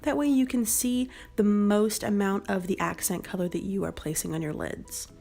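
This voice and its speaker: A young woman narrates her makeup tutorial in an unhurried, instructional way. Her voice sits in a middle register, and faint music plays behind her. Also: medium pitch, gravelly. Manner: calm, step-by-step instructional. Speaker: beauty vlogger.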